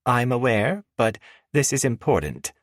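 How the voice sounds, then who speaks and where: A man's voice: mid-range voice, very animated, no room sound, clean studio sound, voice pushed up. A man voicing a firm, professional female assistant on the phone in an audiobook. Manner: brisk, businesslike.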